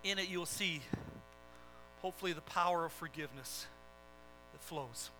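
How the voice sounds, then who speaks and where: A man's voice: a little high, normal speed, sharp tone, faint music behind, poor audio. A man preaching a sermon, earnest and direct, building into dramatic storytelling. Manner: earnest, swelling into dramatic retelling.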